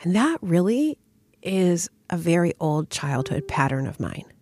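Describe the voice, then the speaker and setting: A middle-aged woman hosting a podcast, telling a personal story in a candid, expressive way, her voice a little worn from a recent cold. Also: fairly low pitch, unhurried, no room sound. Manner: candid and expressive, frequent "like" and "right?". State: recovering from a cold. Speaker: podcast host.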